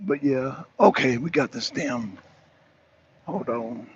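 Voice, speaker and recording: A man's voice: medium pitch, slow pace, highs cut off, slight background noise. A truck driver calling in from his parked cab, chatting casually and profanely, rambling and cutting himself off. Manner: profane, rambling, self-interrupting. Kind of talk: casual chat.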